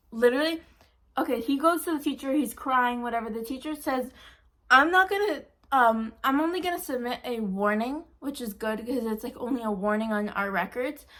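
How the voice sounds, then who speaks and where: High-voiced young woman telling a story. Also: fairly bright tone. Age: 20s. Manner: chatty, exasperated, fast retelling with quoted voices. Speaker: vlogger. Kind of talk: casual storytime. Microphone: phone camera.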